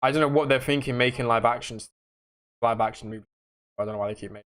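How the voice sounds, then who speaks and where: A young man hosting a casual livestream, chatting to viewers in a rambling, slangy way that jumps between loud outbursts and low mutters. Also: fast.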